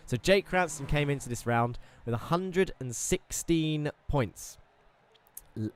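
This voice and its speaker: Upbeat race commentator guy, smooth clear voice, runs through points with little jokes at himself. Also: medium pitch, no room sound. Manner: chatty, upbeat, self-deprecating asides. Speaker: esports racing commentator. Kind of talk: results rundown commentary.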